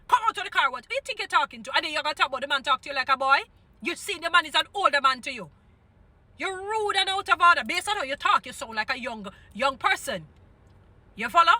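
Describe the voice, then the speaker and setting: A woman's voice: high-pitched, bright, forceful tone. A middle-aged woman with a Jamaican accent, ranting in an indignant, scolding commentary and repeating her points.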